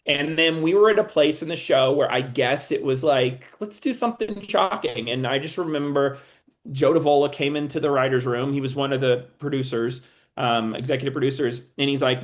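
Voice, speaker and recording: A man's voice: medium pitch, fairly even intonation, a little fast. A man being interviewed as a TV writer and producer, talking casually and often stopping and restarting while he thinks.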